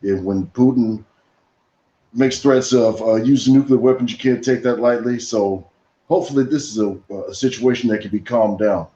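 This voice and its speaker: A man on a casual podcast, calmly laying out his opinions at length. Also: medium pitch, echoey room, highs cut off. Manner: measured, opinionated, explains his views at length. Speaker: podcast guest.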